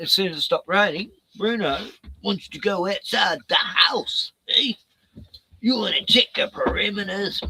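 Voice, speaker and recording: A man's voice: high-pitched, gravelly, noisy background. A middle-aged Australian man streaming from home, rambling in a profane, chatty way, laughing often and cooing at his dog. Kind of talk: rambling casual monologue.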